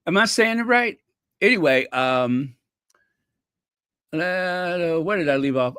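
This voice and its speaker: A man's voice: fairly high pitch, animated, slow pace, pauses often, sharp tone, clear, resonant tone, no echo, studio quality. An American man hosting his own channel, talking casually to viewers in a rambling, playful way with lots of fillers. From United States. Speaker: channel host.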